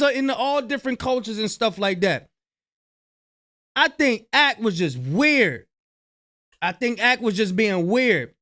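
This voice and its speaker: With a very high voice, this reaction-channel host from New Jersey reacts to clips in an animated, slangy way, going back over the same points repeatedly.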